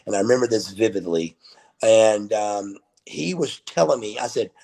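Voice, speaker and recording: Middle-aged male guest, gravelly husky delivery, acts out the dialogue in his stories. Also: on the low side, normal speed. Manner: animated storyteller who acts out quoted dialogue. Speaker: guest wrestler. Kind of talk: casual storytelling interview.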